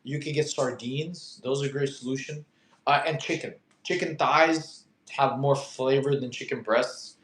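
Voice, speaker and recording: A young man hosting a casual fitness livestream and answering viewer questions, animated and slangy, telling stories and calling listeners bro and dude. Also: medium pitch, unhurried, reverberant.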